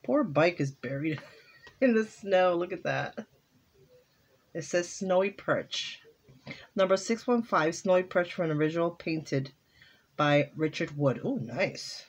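A woman's voice: lowish voice, lively intonation, a little slow, pauses often, slightly rough, highs cut off. A woman vlogging casually at home as she opens holiday cards and crafting mail, chatty and exclaiming over each one. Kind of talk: casual chat while opening mail.

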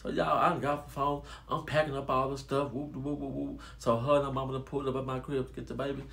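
A man casually telling a personal story to his viewers, animated and addressing them as y'all. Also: medium pitch, fast, vocal fry. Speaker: storytelling vlogger.

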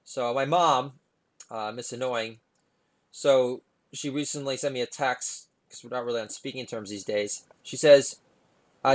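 A man, doing stand-up stories with wry asides. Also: steady tone. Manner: wry, quick asides, mimics his daughter in a higher voice. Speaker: stand-up comedian. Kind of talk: stand-up storytelling.

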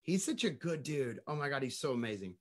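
A man in his forties, a musician guest chatting casually over a video call from his home studio, animated and joking as he tells stories. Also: mid-range voice, brisk. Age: 40s. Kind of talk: casual interview chat.

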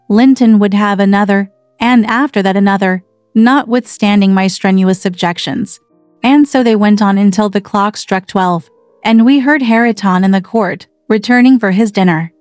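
A woman narrating a classic novel in a measured, even storytelling voice. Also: mid-range voice, no room sound, faint music behind. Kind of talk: audiobook narration.

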